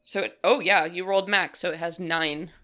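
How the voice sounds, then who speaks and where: A woman's voice: on the low side, steady tone, normal speed, pushed and bright. A woman running a tabletop game, casually prompting players and narrating. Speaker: game master.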